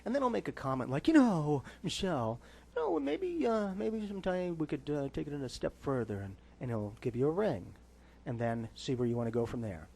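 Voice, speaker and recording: A man's voice: medium pitch, lively intonation, a little fast, warm tone, slight background noise. A man as a psychic guest on a radio talk show, talking confidently and acting out the voices of the people he quotes.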